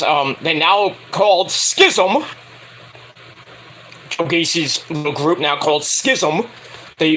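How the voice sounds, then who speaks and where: A man's voice: high voice, bright, forceful tone, a little hiss or hum. A man casually reviewing a wrestling show, rambling and cursing as he corrects himself. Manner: rambling, profane, self-correcting. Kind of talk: casual recap vlog.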